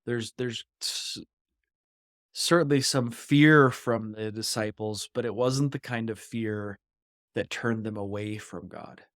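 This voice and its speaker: A man's voice: on the low side, slow pace, dry recording, studio quality. A man co-hosting a podcast who talks through a Bible passage in an earnest, reflective way, sometimes acting out the voices he quotes. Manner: earnest and reflective, acts out voices when quoting. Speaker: podcast co-host. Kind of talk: conversational Bible discussion.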